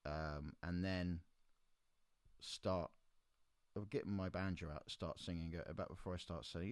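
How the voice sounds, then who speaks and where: A man with a very low voice tells a gig story in a relaxed, chatty way. He gets animated and slips into the voices of the people in it. The sound is close and dry. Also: measured pace, pauses often, clean tone, no echo. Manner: animated teller, acts out quoted voices. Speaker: podcast host and musician. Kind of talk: casual anecdotal storytelling.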